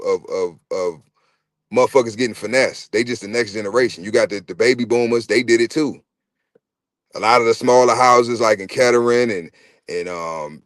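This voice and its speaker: A man, hosting a podcast in a casual, profane rant. He is animated, repeats himself and stumbles over words. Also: lowish voice, no echo, clean studio sound. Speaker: podcast host. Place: podcast studio.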